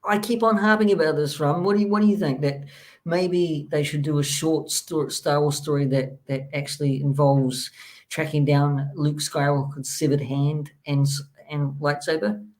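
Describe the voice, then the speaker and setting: A man's voice: a little high, steady tone, moderate pace. Giggly man hosting a casual chat. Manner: giggly, agreeable. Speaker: host.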